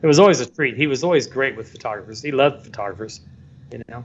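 A man working as a photographer, telling a story in a casual, animated way and acting out the voices of the people in it. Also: medium pitch, fast. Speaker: photographer guest. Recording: dull lo-fi sound, faint background noise.

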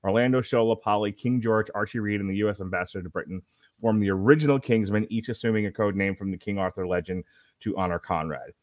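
Podcast co-host, male, lowish voice, halting plot read-through, dry close sound. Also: dry recording. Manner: halting read with self-corrections. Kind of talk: reading a film plot summary.

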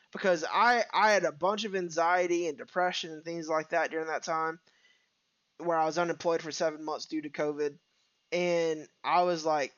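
A man with a high voice co-hosting a podcast, talking in an earnest, reflective way. The recording is dry and slightly dull, with no room sound at all. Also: fairly bright tone, no room sound. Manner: earnest, reflective, repeats "right?". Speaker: podcast co-host. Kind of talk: casual chat.

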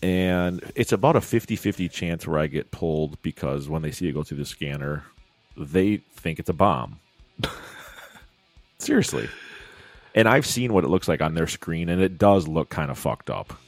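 A man's voice: very deep voice, normal speed, dry recording, soft background music. A man hosting a podcast, telling stories in a casual chat and laughing often. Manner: animated storytelling, laughs often. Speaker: podcast host. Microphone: studio podcast mic.

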